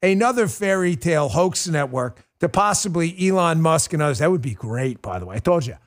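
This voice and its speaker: A middle-aged man hosting a political talk show, ranting in a mocking, animated way and slipping into sarcastic impressions. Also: on the high side, a little fast. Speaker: show host.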